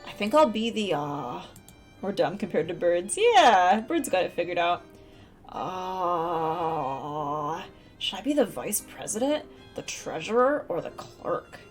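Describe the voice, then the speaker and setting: Woman game streamer, chatty, giggly, lively intonation, faint music behind. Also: on the low side, takes it slowly. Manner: chatty, giggly, reads game text aloud. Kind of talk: casual let's-play commentary.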